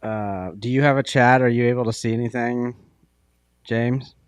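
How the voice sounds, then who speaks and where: A man co-hosting a casual livestream, unhurried and hesitant, with many fillers. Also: mid-range voice, steady tone, clear, resonant tone, dry recording, studio quality. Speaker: stream co-host.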